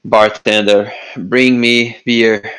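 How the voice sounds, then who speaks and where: A man's voice: mid-range voice, lively intonation, measured pace, low-quality recording. A man imitating a blunt, impatient male player barking orders as a barbarian. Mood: gruff. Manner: blunt, loud, demanding.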